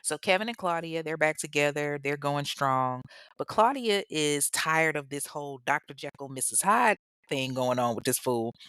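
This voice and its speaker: A woman's voice: deep voice, animated, moderate pace, a bit bright, smooth, no echo. Chatty, profane woman telling a crime story. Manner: chatty and profane, laughing asides to listeners. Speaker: podcast host. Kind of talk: casual true-crime storytelling.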